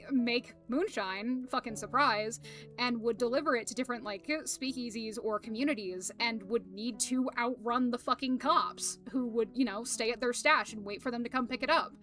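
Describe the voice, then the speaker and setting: A woman's voice: on the high side, moderate pace, a bit bright, soft background music. A young woman streaming, chatting casually to viewers, rambling with lots of fillers, laughter and swearing.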